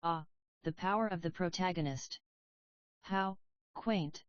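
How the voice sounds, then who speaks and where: A woman's voice: fairly low pitch, takes it slowly, no room sound. A woman voicing a cryptic, taunting masked male slasher killer in a storybook reading, on a dull, dry lo-fi recording.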